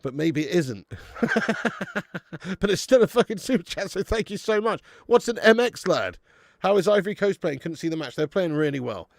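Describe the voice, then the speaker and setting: A young English man hosting a live football watch-along, full of cheeky banter, casual swearing and quick laughs, calling everyone mate and lad. His voice sits a little high and has a gravelly edge. The sound is dry and close, with no room echo. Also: sing-song.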